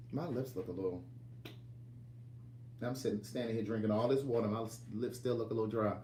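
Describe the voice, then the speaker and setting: Man, author-vlogger, middle pitch, rambling casual storytelling, roomy echo, mic at a distance. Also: animated, normal speed, pauses often, a little hiss or hum. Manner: rambling, repeats and restarts phrases. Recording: echoey room, voice from off-mic.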